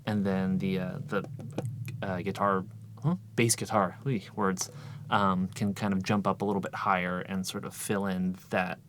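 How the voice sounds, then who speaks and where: A man's voice: low-pitched, level tone, moderate pace, a bit bright, slight background noise. A man in his thirties talking casually outdoors in a vlog, rambling and correcting himself with a wry tone. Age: 30s. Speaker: musician vlogger. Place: outdoors in a yard on a sunny day.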